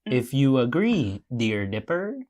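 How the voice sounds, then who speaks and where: A woman doing a prim, slow-talking bookish girl. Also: very deep voice, very animated, darkish tone, exaggerated voice.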